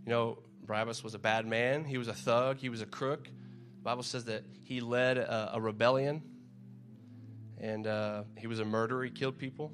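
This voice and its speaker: Soft music plays under a man preaching at normal speed in a steady, mid-range voice. He keeps things casual and conversational, reading scripture aloud, often repeating himself and acting out shouts from a crowd.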